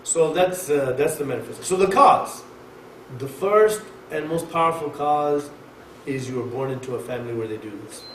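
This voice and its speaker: A man giving a conversational sermon at a mosque, lecturing in an emphatic, animated way. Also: on the high side, moderate pace. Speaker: mosque speaker. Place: mosque hall. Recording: echoey hall, mic far off, faint hiss.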